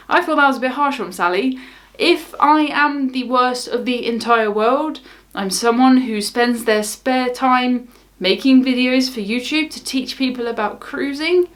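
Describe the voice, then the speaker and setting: A woman's voice: sits high, a little slow. Wry young woman with southern English accent. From south of England. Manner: wry, unbothered, laughs things off. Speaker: cruise vlogger. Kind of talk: casual talk to camera.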